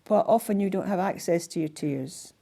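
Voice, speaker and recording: An older woman with a Scottish accent, telling stories by the fireside in a gentle, halting way that often trails off to a hush. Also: on the low side, vocal fry. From Scotland. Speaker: storyteller and singer. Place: indoors in a house by a fireside.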